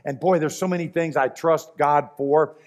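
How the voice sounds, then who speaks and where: A man with a fairly high voice preaches to his congregation. He speaks earnestly and with emphasis, driving his main points home by saying them again. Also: steady tone, moderate pace. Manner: earnest, emphatic, repeats key phrases. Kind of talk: sermon.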